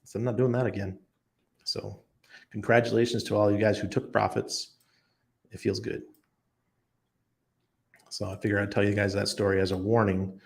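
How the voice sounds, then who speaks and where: Gravelly casual man answering live chat. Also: lowish voice, little pitch movement, moderate pace, long pauses. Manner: chatty, reads comments aloud and answers off the cuff. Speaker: crypto livestream host. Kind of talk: casual live chat, reading viewer comments. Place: home in Panama.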